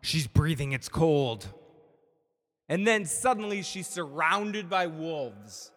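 Podcast guy recapping a show, swears a lot, kinda high voice, dry close mic. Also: very animated, takes it slowly, fairly bright tone, no echo. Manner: profane, retells scenes with playful voices. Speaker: podcast host. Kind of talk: casual recap podcast chat.

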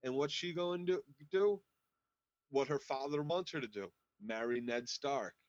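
A male podcast co-host in casual chat, explaining things in a measured, steady way. The recording is dry and close, with a slightly dull, muffled top end, and his voice sits in a middle pitch. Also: dry recording.

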